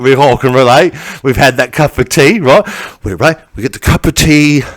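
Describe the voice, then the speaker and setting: A man's voice: medium pitch, voice pushed down, natural voice. A man playing a hapless English stand-up comic from Essex with a put-on English accent, rambling and stumbling while eagerly asking the crowd "right?". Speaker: comedian. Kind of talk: character stand-up comedy.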